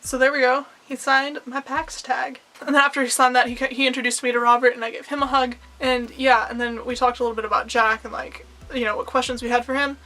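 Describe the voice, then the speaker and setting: Excitable high-voiced woman vlogger. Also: quick pace, few pauses. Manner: excitable and rambling, many fillers like "like". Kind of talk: casual storytelling vlog.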